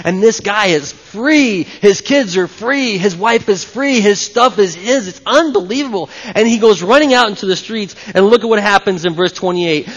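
A high-pitched male pastor delivers an animated sermon, often breaking off to chat with the congregation. His voice rings with long reverb through a church hall, and the sound is a bit dull and lo-fi. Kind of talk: live sermon.

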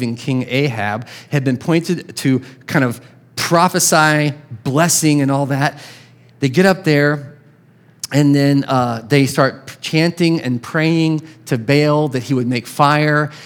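A man preaching a sermon as pastor, casual and conversational, with chuckles and restarts. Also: medium pitch.

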